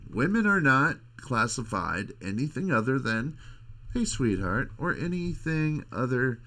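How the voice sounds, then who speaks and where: A middle-aged man hosting a podcast, rambling in a crude, halting casual monologue. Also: medium pitch, very animated, sharp tone. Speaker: podcast host.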